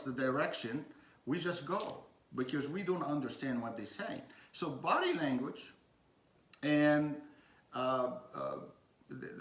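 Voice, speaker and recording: Slow, halting man teaching in an echoey room. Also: mid-range voice. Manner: slow, with many pauses and fillers. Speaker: communication coach. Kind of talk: informal teaching talk.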